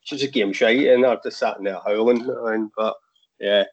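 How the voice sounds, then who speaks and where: A man with a low, husky voice chats easily as a podcast guest. He sounds relaxed and laughs often. The audio is muffled and lo-fi, like a remote call. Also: normal speed. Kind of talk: casual chat.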